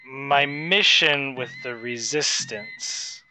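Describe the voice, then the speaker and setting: Guarded female rebel agent, played by the game master, slow and bright, soft music bed. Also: mid-range voice, lively intonation, exaggerated voice, poor audio. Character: wary female Resistance agent from a hostile empire.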